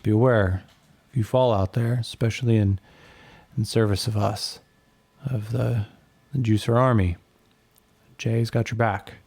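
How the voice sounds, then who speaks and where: A gruff, fatherly old general, voiced by a man, speaks low and mellow with a gravelly edge. He talks calmly and folksily, like a veteran leader in a tabletop role-play. The sound is dry and close. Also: unhurried, dry recording. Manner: calm, folksy, calls others son. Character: gruff aging male army general, fatherly.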